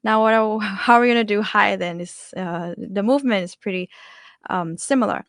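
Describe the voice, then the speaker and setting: A woman's voice: medium pitch, moderate pace, fairly bright tone, no room sound, studio quality. A young woman with a Thai accent, teaching pronunciation in a chatty way and repeating syllables to show each tone. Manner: chatty, demonstrates tones by repeating syllables, laughs often. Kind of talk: casual online language lesson.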